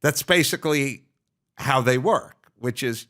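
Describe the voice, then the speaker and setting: A man's voice: mid-range voice, expressive, a little slow, fairly bright tone. A man hosting an unscripted interview, talking in a wry, anecdotal storytelling way. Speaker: podcast host, interviewer.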